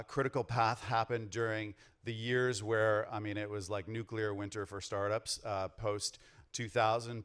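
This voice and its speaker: A man in his forties gives an energetic conference keynote on stage, rallying the audience with questions. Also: on the low side, clean tone. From Canada. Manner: energetic, rallies the crowd with questions. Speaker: keynote speaker. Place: on stage before a large audience.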